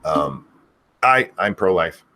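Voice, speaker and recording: A man's voice: low-pitched, big pitch swings, slow pace, bright, forceful tone. A man from the United States, co-hosting a casual talk show, blunt and opinionated. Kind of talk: casual podcast chat.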